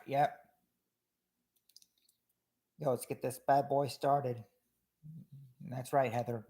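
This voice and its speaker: A man casually hosts a family game show on a livestream, reading out viewers' answers and chat names with many hesitant restarts. His voice is medium-pitched and mellow, his pace slow with long pauses.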